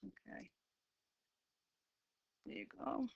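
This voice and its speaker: Taking it slowly, a middle-aged woman with a Boston accent gives a math classroom lecture, talking through her graph sketches in a cheerful way. There's no echo; the recording is dry, dull, and lo-fi.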